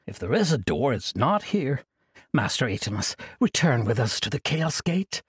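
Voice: mid-range voice, big pitch swings, normal speed, husky, no echo, clean studio sound. An earnest, pleading companion, as a man puts it on.

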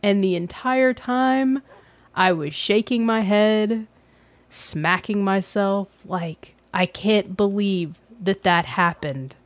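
A woman's voice: medium pitch, slow pace, no room sound. A woman hosting a gaming let's play, chatting casually and self-deprecatingly as she plays, laughing often. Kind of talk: casual gameplay commentary.

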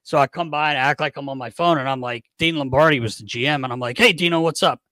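A man hosting a podcast, telling a long, profane, animated story in a casual chat. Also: medium pitch, fast, dry recording. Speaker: podcast host.

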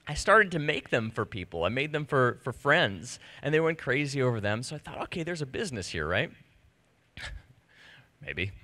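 On stage before an audience, a man in his thirties tells a personal story, animated and self-deprecating, acting out the conversations he recounts. His voice is medium-pitched at normal speed, with no echo.

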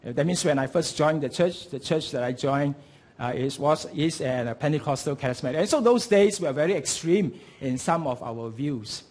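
A middle-aged man preaches in with a husky, high-pitched voice. He jumps between quiet asides and loud, stretched-out emphasis. His pitch rises and falls widely as he tells his story. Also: expressive, normal speed. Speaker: pastor. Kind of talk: sermon.

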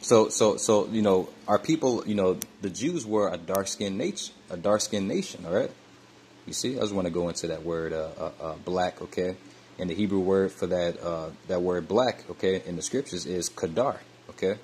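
A man teaching from scripture in a repetitive, halting way, tagging nearly every phrase with "man," "all right," "okay" or "you see," with many fillers and restarts. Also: sits low, a little mellow, a little hiss or hum. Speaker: religious teacher.

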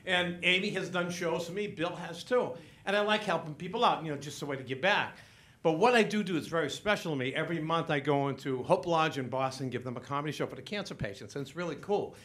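Older man, stand-up comic, high voice, bright tone, animated storytelling on stage. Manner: animated storytelling, acts out family members in quick back-and-forth. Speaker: stand-up comedian. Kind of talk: stand-up comedy set. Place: comedy stage.

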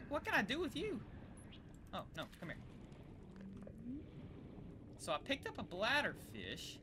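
A young woman in casual let's-play commentary, excitable and gasping, chattering to the creatures she meets. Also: fairly high pitch, measured pace, pauses often, background noise. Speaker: gameplay video creator.

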